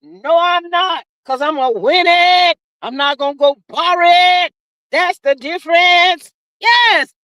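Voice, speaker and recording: A woman's voice: extremely high pitch, a little slow, fairly bright tone, no echo. A woman hosting a casual livestream, reading out chat comments in a drawling, sassy, preachy way. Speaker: livestream host.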